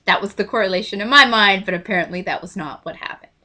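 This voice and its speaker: A young woman from Texas telling an excited story to her camera, gushing and acting out everyone's lines. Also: mid-range voice, quick pace. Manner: gushing, breathless, acts out quoted voices. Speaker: vlogger.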